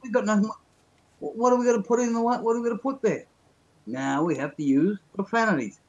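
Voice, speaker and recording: A man's voice: sits high, quick pace, a little mellow, lo-fi sound. A man on a video call, chatting casually and joking his way through rambling stories. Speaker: guest.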